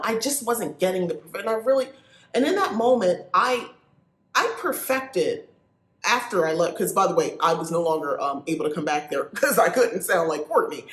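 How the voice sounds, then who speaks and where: A woman in her forties with a nasal South Jersey accent, telling a story to her podcast listeners in a chatty, animated way. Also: mid-range voice. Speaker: podcast host. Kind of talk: casual storytelling monologue. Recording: echoey room.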